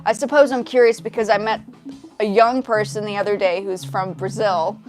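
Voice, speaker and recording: A woman's voice: medium pitch, fairly even intonation, normal speed, darkish tone. A young woman with a light South African accent chatting on a livestream, hesitant and friendly, often restarting her sentences as she answers viewers. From half South African, now living in the States. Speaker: livestream host, music composer. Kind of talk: casual livestream chat with viewers. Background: her music track playing faintly.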